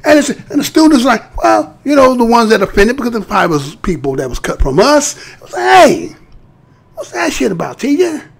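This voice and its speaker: A man's voice: very high voice, lively intonation, fairly quick, few pauses. A man hosting a live stream, giving heated, profane commentary and mocking voices. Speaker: live show host.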